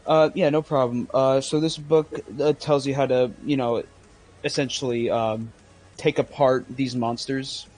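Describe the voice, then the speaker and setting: A man's voice: medium pitch, fairly even intonation, measured pace, darkish tone, faint music behind, rough recording. A man playing a character in a tabletop game, speaking casually and hesitantly. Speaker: player.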